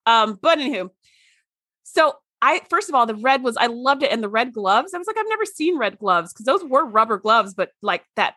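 A woman's voice: a little high, big pitch swings, a little fast, bright, forceful tone, dry recording, studio quality. A woman co-hosting a podcast, chatting casually about a TV episode and dropping wry asides. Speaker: podcast co-host. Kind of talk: casual chat recapping a TV episode.

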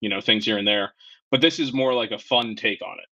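Man, bright tense voice, opinionated movie chat, quick bursts, dull lo-fi recording. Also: fairly low pitch. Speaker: podcast co-host. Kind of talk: casual movie review chat. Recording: dull lo-fi sound.

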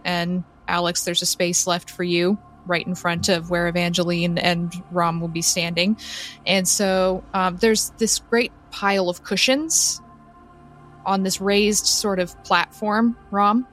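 Woman, game master, slow unhurried storytelling, soft music bed. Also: lowish voice, flat delivery. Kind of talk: narrating a tabletop game.

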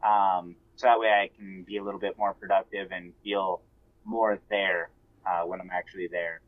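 A man chatting casually as a podcast co-host, with a low voice and a rambling, filler-heavy way of talking. The recording is dull and lo-fi. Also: flat delivery, normal speed. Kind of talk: casual chat.

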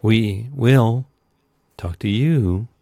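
A man co-hosting a movie podcast, rambling and conversational, talking slowly. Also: lowish voice, creaky, mellow, no echo. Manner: talks slowly in a put-on accent. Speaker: podcast co-host. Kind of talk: casual movie chat.

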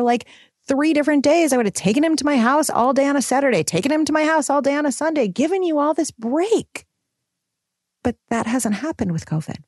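A woman in her thirties talking to her audience in a casual, animated personal vlog. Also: high voice, no echo, clean studio sound. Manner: animated, expressive, swings between excited and soft. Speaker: mom vlogger and women's coach.

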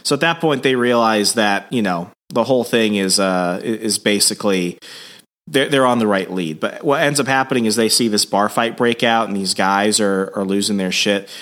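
A man co-hosting a casual podcast, recapping a story in an animated way. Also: fairly low pitch, moderate pace. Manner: animated storyteller, slips into voices. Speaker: podcast co-host. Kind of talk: casual chat, recapping a comic.

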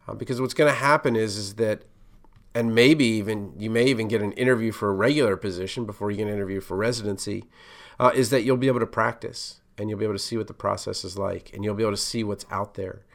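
A man's voice: lowish voice, steady tone, quick pace, gravelly. A man hosting a podcast, giving casual career advice in a conversational, loosely rambling way full of asides.

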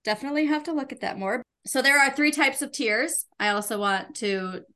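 A woman's voice: fairly high pitch, brisk, sharp tone. A woman co-hosting a podcast, explaining facts in an upbeat, casual way and laughing often. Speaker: podcast co-host.

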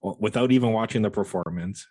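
Deep husky man in a dry room. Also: fast talker, dark tone, no echo, poor audio. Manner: joking, blunt, swears. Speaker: co-host. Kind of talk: casual film awards chat.

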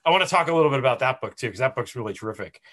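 Bright-voiced chatty man hosting. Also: mid-range voice, rapid-fire. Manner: relaxed, chatty questioner. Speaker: podcast host. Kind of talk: casual interview.

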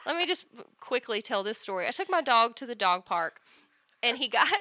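A woman's voice: a little high, moderate pace, no echo, studio quality. A woman hosting a podcast, telling funny stories in casual chat with lots of laughter and some swearing. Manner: laughing, animated storytelling with profanity. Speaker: podcast host.

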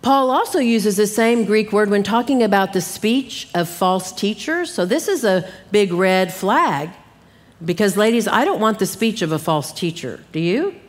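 A middle-aged woman teaching the Bible, talking emphatically and directly to her listeners. Her voice sits at an ordinary pitch. It rings with the long reverb of a live church hall. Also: animated, moderate pace. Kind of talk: sermon.

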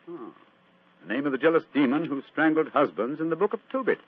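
An actor playing a sharp, cool-headed male detective in 1940s radio-drama style, with crisp, precise and dryly amused speech. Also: on the high side, fast talker, dry recording. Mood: measured. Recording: tinny old radio broadcast.

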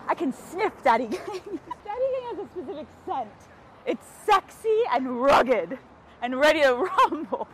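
A woman's voice: high-pitched, slight background noise. A woman podcast host vlogging outdoors on city streets, bubbly, laughing often and swearing freely. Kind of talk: travel vlog, talking to camera.

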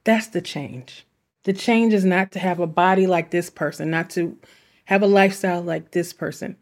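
Earnest chatty woman podcast host. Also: lowish voice. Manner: earnest, chatty, asides and quick laughs. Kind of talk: reflective self-help talk.

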